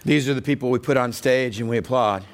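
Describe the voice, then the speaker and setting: A man preaching a sermon as pastor, telling stories with animated voices for the people in them. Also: mid-range voice, fast talker. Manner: animated storytelling, acts out voices, rising to near-shouts.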